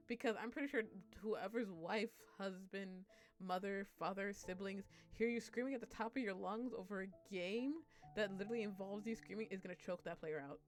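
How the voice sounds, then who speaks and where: A woman's voice: mid-range voice, moderate pace, soft background music. A young woman streamer chatting casually on a live stream, rambling, swearing and laughing as she talks.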